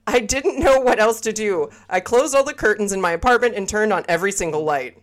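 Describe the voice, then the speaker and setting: A woman's voice: medium pitch, expressive, a little fast. A woman podcast co-host in casual chat, reading a scary story aloud with laughs and asides.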